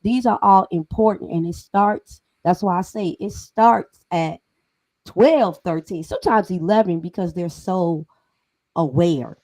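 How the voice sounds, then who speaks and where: A woman's voice: fairly low pitch, measured pace, a little mellow, no room sound, rough recording. Emphatic woman podcast host, dry sound. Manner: emphatic, conversational, laughs often. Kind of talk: casual podcast discussion.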